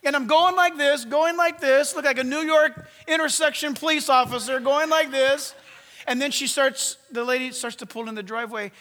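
A man preaching a sermon, swinging from loud commands to hushed asides. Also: extremely high pitch, fairly even intonation, moderate pace, in a large hall. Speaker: pastor.

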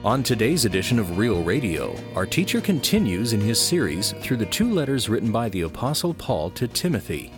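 A man giving the scripted introduction to a radio program in a lively announcer's delivery. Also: lowish voice, a little fast, few pauses, over music.

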